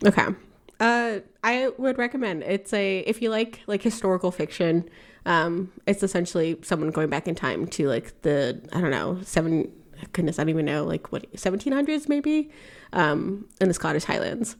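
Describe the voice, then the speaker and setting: A woman's voice: on the low side, lively intonation, moderate pace. A woman co-hosting a casual podcast chat, giggly and hesitant, with lots of fillers as she talks. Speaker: podcast co-host.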